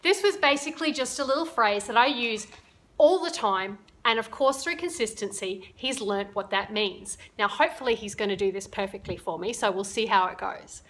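A woman's voice: on the high side, expressive, moderate pace, fairly bright tone. A woman dog trainer chatting through a casual instructional video, explaining her ideas with everyday examples.

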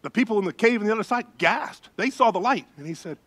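A middle-aged man preaching as a pastor, telling a story with lively voices and gasps. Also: sits high, fast talker. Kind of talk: sermon storytelling.

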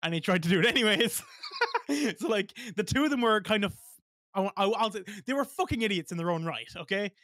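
A man's voice: sits high, animated, fairly quick, a bit bright, dry recording, clean studio sound. A man talking as a podcast guest in casual chat, blunt and emphatic, swearing freely.

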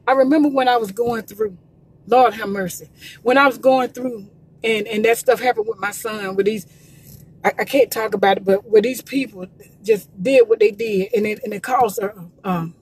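A woman, from Georgia, speaks live into her phone from the roadside. Her voice sits a little high and husky. She talks in an emphatic, preachy way and repeats herself often. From Columbus, Georgia. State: emotional, near tears. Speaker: gospel promoter. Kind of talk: live social media talk. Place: in a car by the road.

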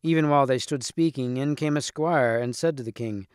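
A man reading a storybook aloud in a steady, clear narrating manner. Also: medium pitch, brisk, no room sound, clean studio sound. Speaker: reader.

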